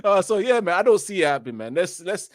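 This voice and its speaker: With a high voice that swings widely in pitch, this man in his 30s talks fast as a co-host on a football fan show, debating in a casual video-call chat with no room sound. Emphatic and repetitive, he leans on "you know" and "man."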